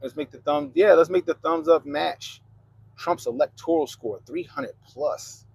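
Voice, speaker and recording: A man's voice: on the high side, expressive, a little slow, gravelly, darkish tone, husky, low-quality recording. A man with a Baltimore accent hosting a livestream, chatting loosely and profanely while reading comments. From Baltimore, Maryland. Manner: loose, profane, laid-back banter. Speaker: livestream host.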